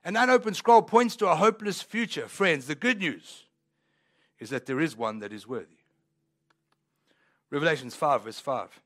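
A man's voice: a little high, expressive, moderate pace, long pauses, a bit bright. A man pastor preaching a sermon in a church, talking conversationally and rising into emphatic swells.

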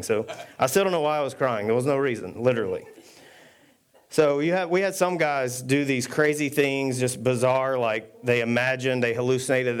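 Man preaching in a relaxed chatty way. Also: medium pitch, smooth. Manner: casual storytelling with self-deprecating humor; reads scripture aloud at a quick clip. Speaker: pastor. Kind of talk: conversational sermon.

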